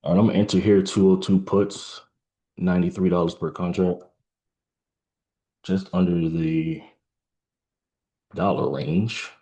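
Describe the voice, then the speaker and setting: Male trader, very low gravelly voice, thinks aloud haltingly while watching the market, a bit tired. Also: steady tone, mellow. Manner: halting, musing aloud with fillers and restarts. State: yawning, tired. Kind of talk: live trading commentary.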